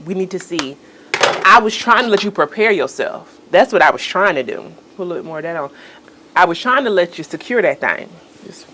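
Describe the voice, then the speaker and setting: A woman's voice: on the low side, a little hiss or hum. A woman fashion vlogger chatting casually through an outfit try-on, playful and exclaiming as she talks to her viewers. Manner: playful, exclaims "girl" and "y'all", chatty and animated. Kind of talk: casual try-on vlog chat.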